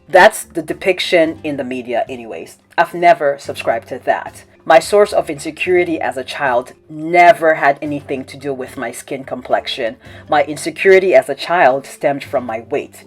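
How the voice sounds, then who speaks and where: A woman from Cameroon hosting a video essay, explaining things in a measured way with wry asides. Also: low-pitched. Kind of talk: scripted commentary read to camera.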